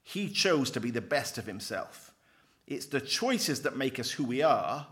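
A man's voice: mid-range voice, big pitch swings, unhurried, fairly bright tone. A man putting on an American accent to voice an earnest young male superhero, declaiming solemnly. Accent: American, put on.

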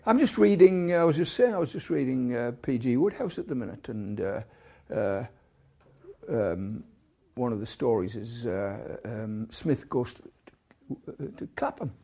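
A man's voice: medium pitch, animated, measured pace, vocal fry, dark tone, slightly rough. A man giving a rambling university lecture, full of restarts, stumbles and asides.

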